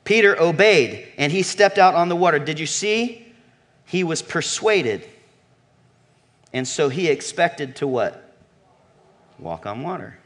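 A man preaching to his congregation with a fairly high voice. He throws out questions, booms out key phrases, then drops to a near-murmur for weight. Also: expressive, a little slow, long pauses. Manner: emphatic preaching, swings from loud calls to low murmurs. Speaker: pastor. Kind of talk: sermon.

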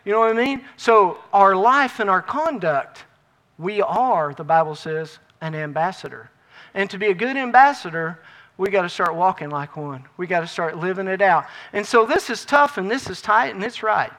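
Man, middle-aged, preacher, sermon, high voice, bright tone, emphatic, folksy. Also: expressive, normal speed. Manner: emphatic, folksy preaching that swings between loud and quiet.

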